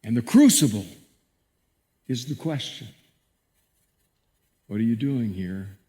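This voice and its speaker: A male pastor preaching a sermon and reading scripture dramatically, moving between hushed and emphatic passages. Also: medium pitch, expressive, slow pace. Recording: long church reverb.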